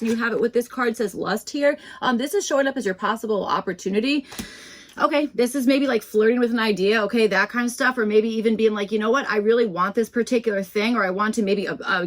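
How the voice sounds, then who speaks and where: Chatty rambling woman reading tarot. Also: mid-range voice. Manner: rambling, many fillers and restarts; chatty and self-deprecating. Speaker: tarot reader. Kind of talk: casual tarot reading to camera.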